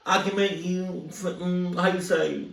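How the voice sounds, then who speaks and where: A man voicing a sleazy fake-French male photographer with a mock French accent and wheedling, drawn-out sweet talk. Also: sits high, steady tone, creaky, reverberant, recorded from a distance, pitched above the performer's own voice.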